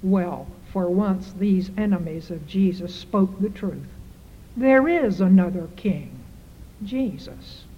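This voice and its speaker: A woman's voice: medium pitch, takes it slowly, husky. A woman preaching a sermon, driving her points home with repeated rhetorical questions. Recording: muffled hall recording with reverb.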